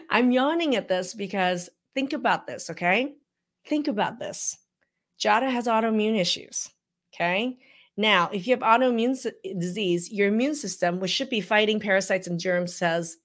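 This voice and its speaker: A woman, a functional medicine practitioner, giving emphatic, animated live reaction commentary and often checking in with "okay?". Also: medium pitch, normal speed. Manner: frequent "okay?" check-ins.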